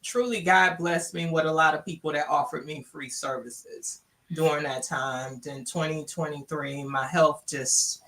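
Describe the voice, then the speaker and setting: A woman's voice: low-pitched, steady tone, a little slow, fairly bright tone. A woman from Louisiana, candidly telling her personal story and acting out the dialogue she quotes. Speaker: guest sharing her story.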